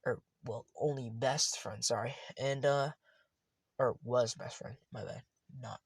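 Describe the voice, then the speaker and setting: Man, casual fan-story retelling, rambling, self-correcting, slow, dry close sound. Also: mid-range voice, steady tone, gravelly, slightly rough, dry recording. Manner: rambling, often correcting himself.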